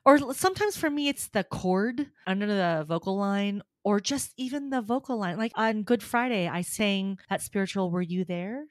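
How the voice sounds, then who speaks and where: A woman, an opera singer and voice teacher, chatting casually and telling lively stories, acting out what people said and laughing often. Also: medium pitch, normal speed, few pauses, no room sound, studio quality. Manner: animated storyteller, acts out quotes, laughs often. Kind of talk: casual chat.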